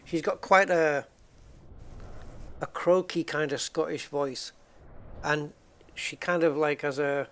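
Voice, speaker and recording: A man with a fairly high-pitched voice talks casually while he plays a game. He rambles from one thought to the next and often starts his sentences over. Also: fairly even intonation, slow, pauses often, a bit bright. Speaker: game streamer. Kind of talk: casual chat while gaming.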